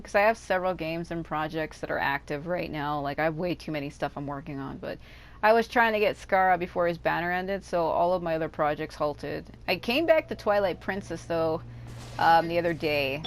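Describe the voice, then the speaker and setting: Raspy-voiced woman swearing through gameplay. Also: lowish voice, a little fast. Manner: chatty, swears often, rambling asides. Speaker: gaming YouTuber. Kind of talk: casual gameplay commentary. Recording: game music behind the voice.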